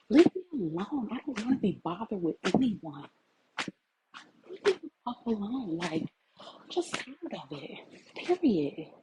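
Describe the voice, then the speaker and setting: A woman's voice: on the high side, very noisy. A woman, giving an impassioned, tearful talk to her livestream viewers. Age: 40s. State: crying. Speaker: vlogger.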